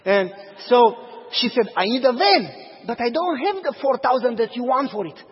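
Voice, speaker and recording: Male pastor, husky and high, animated storyteller preaching in a church, dull lo-fi recording. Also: moderate pace. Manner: animated storyteller, acts out dialogue. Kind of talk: sermon with storytelling. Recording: dull audio, long hall reverb.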